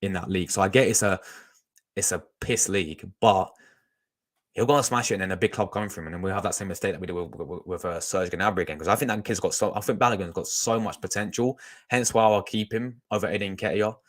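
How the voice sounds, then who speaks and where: A man's voice: deep voice, quick pace. A young man, chatting casually to his live-stream audience as a fan channel host, rambling with lots of restarts. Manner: rambling, chatty, talks to chat, restarts a lot.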